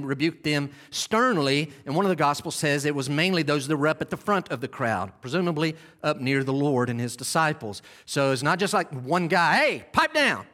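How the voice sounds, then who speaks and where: His voice sits on the high side as he delivers an expository sermon, leading listeners through a scene. Phrases get repeated and restarted, key words are drawn out, and he bursts into loud cries when acting the scene out.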